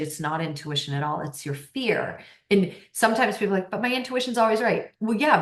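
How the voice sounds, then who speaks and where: An animated woman talks candidly as a podcast guest, her lower voice swinging between hushed and emphatic. The room around her adds a noticeable echo. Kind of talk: casual conversational interview. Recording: roomy echo.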